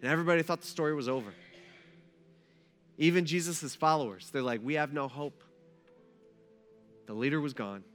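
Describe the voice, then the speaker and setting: A man preaching a sermon, moving between hushed storytelling and rising, emphatic passages. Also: a little high, fast, long pauses, big-room sound, faint music behind. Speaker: pastor.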